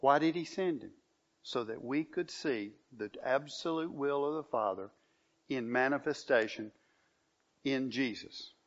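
A man preaching a sermon, reading scripture and pressing his points with emphatic rises in pitch. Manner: emphatic, rising on key phrases, reads scripture aloud. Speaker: pastor. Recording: dull lo-fi recording.

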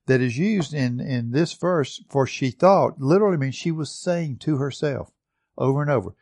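A man's voice: a little high, a little mellow, no echo, studio quality. A man preaching a sermon, reading scripture verses aloud and then explaining them with emphasis. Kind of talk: sermon teaching.

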